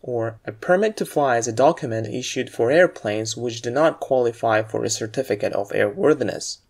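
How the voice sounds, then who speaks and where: A man giving a scripted aviation English lesson, explaining word stress in a clear, measured way and reading example sentences. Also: medium pitch.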